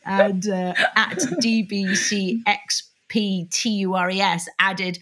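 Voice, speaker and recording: A woman's voice: medium pitch, flat delivery, slow pace, hardly any pauses, a bit bright. A middle-aged woman from Britain co-hosting a casual chat podcast, chatty and laughing often, mimicking polite Brits. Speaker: podcast co-host.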